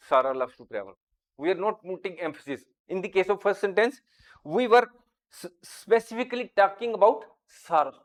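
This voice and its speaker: A man teaching a grammar lesson, going through each example slowly and deliberately. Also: high voice. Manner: slow, deliberate, explains each example step by step. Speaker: English teacher.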